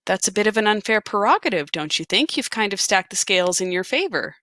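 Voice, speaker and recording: A woman's voice: medium pitch, big pitch swings, a little fast, a bit bright, no echo. A woman voicing a formal, earnest male cleric who speaks in stiff, old-fashioned phrases.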